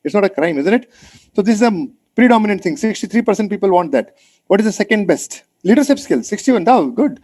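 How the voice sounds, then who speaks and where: A man with an Indian English accent, leading a motivational online mentoring session, energetic and coaxing, repeating phrases for emphasis. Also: high-pitched, brisk. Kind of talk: motivational webinar talk. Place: video call.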